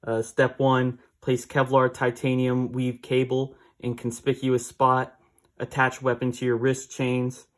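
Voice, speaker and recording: A man's voice: medium pitch, completely flat delivery, unhurried. A man casually recapping a comic book issue, rambling with fillers and small laughs.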